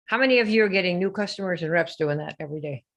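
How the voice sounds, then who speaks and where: Speaking at a racing pace, a woman with a fairly low, expressive voice runs a live online sales coaching session. She peppers the audience with rhetorical questions and slips into a mocking sing-song whenever she quotes typical sales posts.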